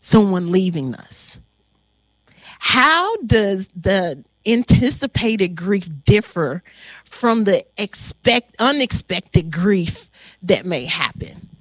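A woman moderating a panel, telling an emotional story to an audience in an animated, halting way. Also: medium pitch, no echo.

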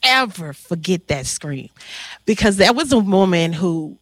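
A woman moderating a panel, telling an emotional story to an audience in an animated, halting way. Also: on the low side, dry recording.

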